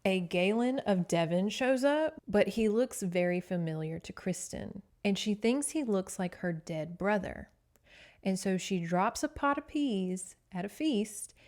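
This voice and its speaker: A woman's voice: medium pitch, lively intonation, a little slow, darkish tone. A woman hosting a podcast, casually recapping a novel with sass and swearing. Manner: chatty, sassy, swears freely. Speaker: podcast host.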